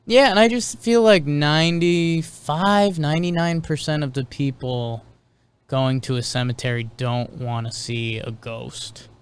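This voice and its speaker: A man's voice: a little high, measured pace, clean tone. A man co-hosting a casual chat show, offering wry, joking reactions to the news stories. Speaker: co-host.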